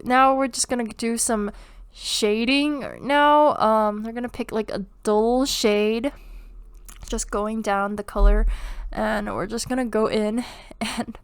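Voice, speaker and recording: A woman's voice: on the high side, smooth, no room sound. A young woman with a congested voice casually talking through her drawing process, rambling with lots of fillers and little laughs. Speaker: art youtuber. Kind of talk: casual drawing tutorial commentary.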